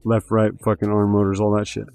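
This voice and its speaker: A man with a low, dark voice hosts a loose livestream chat. He rambles, swears constantly and leans on fillers. The sound is dry and close, with faint music underneath. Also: completely flat delivery, a little fast, dry recording. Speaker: livestream host.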